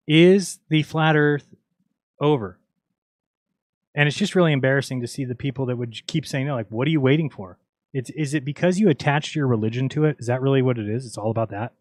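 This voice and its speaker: A man's voice: medium pitch, darkish tone, dry recording, studio quality. A man hosting a livestream, talking casually in an exasperated, mocking, argumentative way. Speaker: livestream host. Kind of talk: casual ranting livestream talk.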